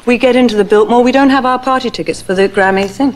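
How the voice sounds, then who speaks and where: A woman with an English accent, an actress telling lively anecdotes as a talk show guest, with laughs and restarts. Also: a little high, quick pace. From England. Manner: animated storytelling with laughs and restarts. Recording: 1980s TV studio broadcast.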